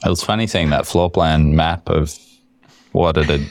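A man co-hosting a podcast in casual chat, playful, with quick reactions. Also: a bass voice, a little mellow, no room sound. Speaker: podcast co-host.

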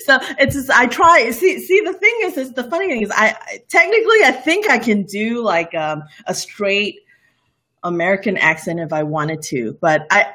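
A woman's voice: on the high side, animated, moderate pace, pushed and bright. Giggly woman with a Bornean lilt. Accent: light Bornean lilt with mixed international English. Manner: chatty and giggly, many fillers and restarts. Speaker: livestream cooking show host, guest. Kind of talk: casual interview chat.

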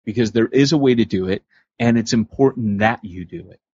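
A man with a low, husky voice talks casually on a podcast and acts out the voices he quotes with energy. The sound is dry and close. The recording is slightly muffled. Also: a little fast, darkish tone, no room sound. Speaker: podcast co-host.

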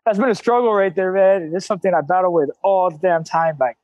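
A man in his thirties with a high voice, talking in a candid, streetwise way full of slang and cussing. The sound is dry and close, with no room around it. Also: fast talker, darkish tone, dry recording, highs cut off. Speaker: CrossFit coach, guest. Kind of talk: casual interview talk.

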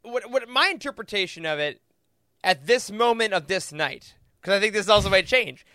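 A man's voice: high-pitched, lively intonation, normal speed, sharp tone, dry recording, studio quality. A man co-hosting a podcast, talking through his interpretation of a story at length in a casual, thoughtful way with many fillers. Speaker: podcast co-host. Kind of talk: casual discussion.

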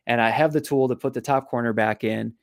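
A podcast guest who is a physical therapist and author spins a long story with lots of restarts and repeated words. His medium-pitched voice runs a little fast, picked up dry on a close mic.

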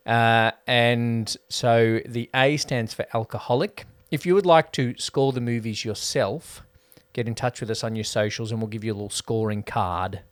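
A man's voice: medium pitch, fairly even intonation, no echo. Dry-sounding man hosting a podcast. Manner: explains points at length, measured. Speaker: podcast co-host. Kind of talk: casual film review chat.

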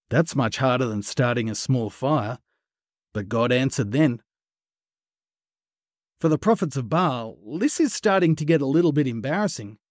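Guy telling a bible story for kids, lively, kinda high voice, dry close sound. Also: dry recording. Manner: animated, playful, with sudden hushed pauses. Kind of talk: retelling a Bible story for children.

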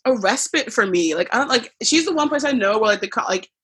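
Woman, chatty rambling podcast talk, husky tone. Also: on the high side, lively intonation, fast, a bit bright. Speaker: podcast co-host. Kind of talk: casual pop-culture chat.

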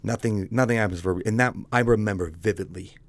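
A man's voice: fairly low pitch, a little fast. A man telling his own story as a guest, speaking bluntly and casually and calling the host "dude".

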